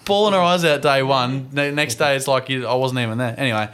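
A man, co-hosting a podcast in casual chat and telling an animated story full of casual swearing. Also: medium pitch, brisk, clean tone. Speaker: podcast co-host.

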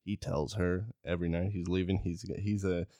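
A man's voice: sits low, level tone, a little fast, dark tone, no echo, clean studio sound. A man hosting a casual podcast, rambling and joking as he tells a history, stumbling over names. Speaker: podcast host. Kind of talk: casual chat.

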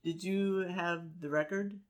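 A man's voice: high voice, fairly even intonation, a little slow. A man co-hosting a casual chat, chiming in with short remarks. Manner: brief interjections.

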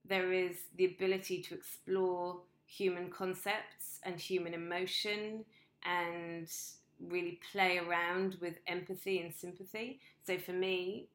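A woman's voice: on the low side, fairly bright tone. A woman host and coach talking in a casual monologue, blunt and emphatic, swearing freely. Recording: roomy echo.

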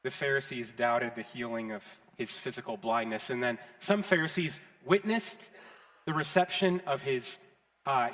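A man preaching a sermon with passion, swinging from loud declarations to hushed, intense passages. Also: fairly high pitch. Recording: long hall reverb.

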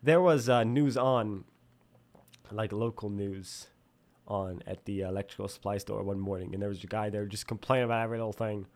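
A man's voice: fairly quick, dry recording. Self-mocking rambling man, dry close sound. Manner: self-deprecating, animated, jumps up high for mock quotes, swears. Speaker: vlogger. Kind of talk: casual rambling monologue.

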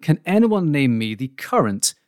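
A man's voice: a little high, very animated, normal speed, a little mellow, no room sound, studio quality. A man hosting a casual podcast quiz, talking with many fillers and restarts. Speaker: quiz host.

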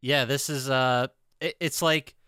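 A man hosting a casual podcast about a video game, leading the talk in an animated way and swearing freely. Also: mid-range voice, measured pace, clear, resonant tone, no echo, clean studio sound. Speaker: podcast host.

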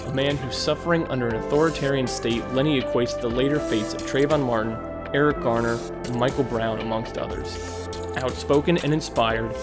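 A man in his usual mid range hosts an interview show. He reads a measured introduction and asks questions with some hesitation, while loud music plays behind him. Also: medium pitch. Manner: measured reading, hesitant when asking. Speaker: podcast host.

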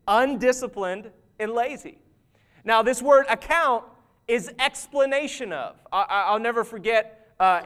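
A man's voice: high voice, fairly bright tone. A man, a pastor, preaching a conversational sermon in a church, joking at his own expense and laughing easily. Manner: conversational, self-deprecating, laughs often.

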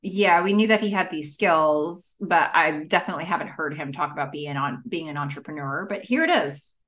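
A woman's voice: low voice, brisk, fairly bright tone. A woman co-hosting a podcast, chatting casually about a TV episode, laughing easily. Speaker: podcast co-host. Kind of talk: casual chat recapping a TV episode.

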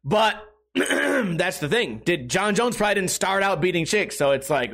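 High-voiced young man, sarcastic rant. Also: lively intonation, fairly quick, fairly bright tone. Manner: profane, sarcastic, rambling. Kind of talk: casual comedic rant.

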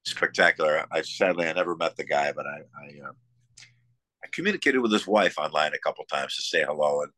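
A man from the Buffalo area with a very low voice that still sounds bright and forceful. He tells stories with enthusiasm but keeps stopping on fillers and restarting his sentences. The sound is dry and close, with no room echo. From United States, Buffalo area. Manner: halting, many fillers and restarts; enthusiastic storytelling. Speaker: musician guest. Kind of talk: casual interview conversation.

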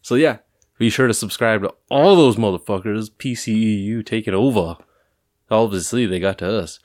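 A man's voice: fairly low pitch, moderate pace, a little mellow. A man co-hosting a podcast in a stoned, rambling way. He is laid-back and swears freely, with plenty of fillers and restarts. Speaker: podcast co-host. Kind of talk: casual podcast chat.

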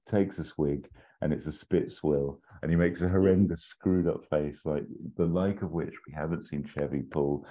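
Man, casual rambling storyteller. Very deep and dark-toned, dull lo-fi recording. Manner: rambling, many fillers and restarts, acts out quotes. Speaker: podcast co-host pitching a story.

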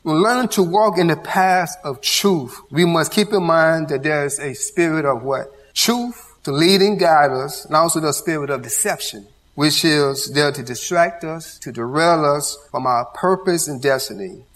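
Man, fairly high voice, bible teacher, call-and-response questions, long hall reverb. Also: normal speed, few pauses, a bit bright. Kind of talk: interactive church teaching. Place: church hall with audience.

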